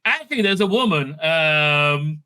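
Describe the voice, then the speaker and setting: A middle-aged man, a rabbi, rambling through casual commentary in a profane, animated rant full of restarts and asides. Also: fairly high pitch, measured pace.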